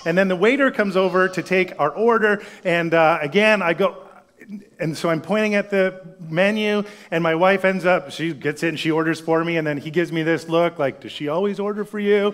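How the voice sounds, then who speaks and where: Storytelling male pastor, higher voice. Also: fairly even intonation, moderate pace. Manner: storytelling, conversational, drops to a hush for solemn lines. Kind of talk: sermon.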